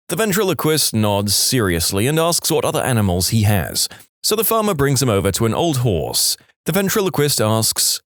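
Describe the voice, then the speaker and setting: A man tells jokes for a podcast in an animated, playful way. His pitch leaps high and drops low as he goes. The sound is dry and close to the mic. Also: moderate pace, dry recording. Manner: animated, slips into funny character voices. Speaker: podcast narrator. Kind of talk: joke storytelling narration.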